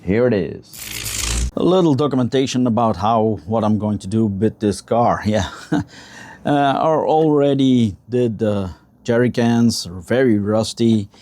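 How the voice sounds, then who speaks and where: A man casually showing his model truck build in a home workshop, talking in a halting way as he searches for words. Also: on the low side, dark tone. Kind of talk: casual vlog walkthrough. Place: home workshop with a spray booth.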